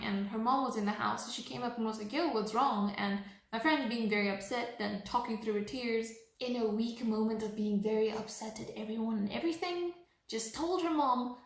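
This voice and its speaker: A young woman telling a storytime vlog in an animated way, acting out what people said. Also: on the high side. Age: young adult. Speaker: vlogger. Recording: echoey room.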